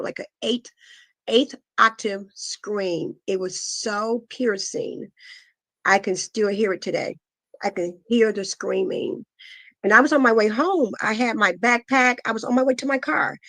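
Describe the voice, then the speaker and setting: Halting middle-aged woman, dry close sound. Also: fairly high pitch, a bit bright, dry recording. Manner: halting, with many pauses and fillers; earnest, intense retelling. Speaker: guest, asthma foundation founder. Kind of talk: emotional personal testimony.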